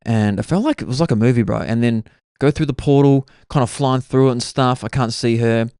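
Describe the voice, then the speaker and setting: A man's voice: medium pitch, fairly quick, warm tone, clean tone, dry recording, clean studio sound. A man, hosting his own podcast and rambling through stories in a casual way, full of "like" and "bro". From New Zealand. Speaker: podcast host. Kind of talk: casual solo storytelling.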